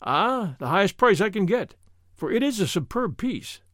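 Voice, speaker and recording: A man's voice: high-pitched, very animated, normal speed, fairly bright tone, no echo, studio quality, full character voice. A man voicing an odd little old male curio merchant in an audiobook, a strident voice that giggles and mutters half to himself. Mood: haggling. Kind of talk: audiobook character voice.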